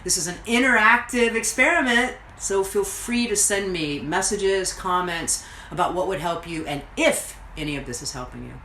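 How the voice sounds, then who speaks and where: A woman with a fairly low voice talks straight to her viewers, earnest and reflective, like a coach. The room around her rings a little, with a faint hum of noise underneath. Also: normal speed, hardly any pauses, pushed and bright, reverberant, low-quality recording. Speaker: host, coach. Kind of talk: motivational talk to camera. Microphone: livestreamed to social media.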